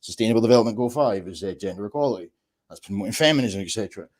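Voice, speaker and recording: A Scottish man hosting a casual livestream chat, sweary and animated, often laughing as he talks. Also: fairly low pitch, very fast. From Scotland. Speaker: livestream host.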